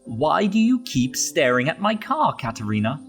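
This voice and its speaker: A man's voice: fairly high pitch, big pitch swings, moderate pace, fairly bright tone, faint music behind, voice pushed up. A man doing a grumbling bank manager. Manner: grumbling, dismissive. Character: fussy male bank manager, middle-aged.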